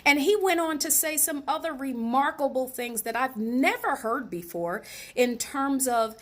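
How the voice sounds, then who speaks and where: A woman speaking as host of her own show, relaxed and conversational as she tells a personal story. Her delivery is animated and chatty, and she talks straight to her viewers. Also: high-pitched, unhurried. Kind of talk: casual personal storytelling monologue.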